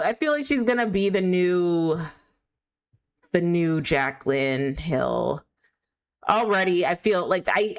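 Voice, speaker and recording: A woman streaming live, talking in a rambling, candid, opinionated way, full of filler words. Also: mid-range voice. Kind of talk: casual chat while gaming.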